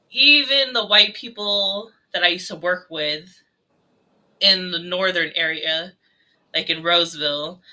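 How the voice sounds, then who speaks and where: A man from California telling stories in a casual podcast chat, animated and laughing often. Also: high voice, rough recording. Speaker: podcast co-host.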